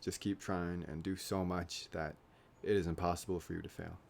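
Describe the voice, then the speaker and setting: Young guy with a real low voice rambling to the camera, jokey and self-mocking. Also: level tone, moderate pace, creaky, darkish tone, slight background noise. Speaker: YouTuber. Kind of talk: casual vlog monologue.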